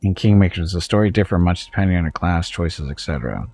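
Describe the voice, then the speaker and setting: A man's voice: low voice, fast, warm tone. A man streaming a video game, chatting casually with viewers and making wry, chuckling asides. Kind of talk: casual let's-play commentary.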